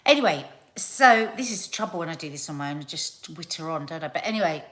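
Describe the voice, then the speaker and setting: Chatty South Londoner rambling on a live stream. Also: female voice, low-pitched, quick pace. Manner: chatty, rambling, animated storytelling. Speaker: live show host. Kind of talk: casual live-stream chat.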